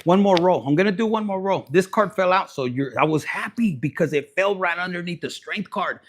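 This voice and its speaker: A man's voice: high voice, expressive, fairly quick. A man giving a raunchy, joking live tarot reading, slipping in Spanish. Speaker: tarot reader.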